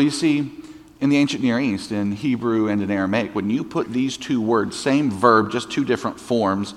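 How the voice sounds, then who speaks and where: A man's voice: mid-range voice, a bit bright. A man preaching a sermon as a pastor, conversational, with humorous asides. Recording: long church hall reverb.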